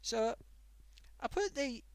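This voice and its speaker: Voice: takes it slowly, no echo. A performer voicing a chatty old grandmother sock puppet who hosts a live stream and tells a rambling story. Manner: rambling, animated, wild pitch swings.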